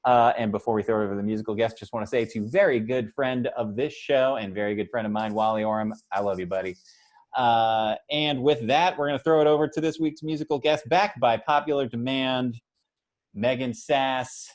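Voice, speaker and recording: A man's voice: medium pitch, a little fast. A man hosting a panel show over a video call, talking casually with many uhs, stammers and restarts. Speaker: host.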